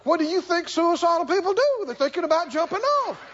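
A man's voice: extremely high pitch, very fast. A man voicing a taunting devil who badgers a believer in a pushy back-and-forth, on a muffled recording with faint hiss. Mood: needling. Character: taunting male devil, needling and mocking.

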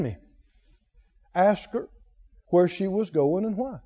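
High, lively preacher man. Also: takes it slowly. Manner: storytelling, swinging from hushed to emphatic. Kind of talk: sermon with personal story. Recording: dull lo-fi sound.

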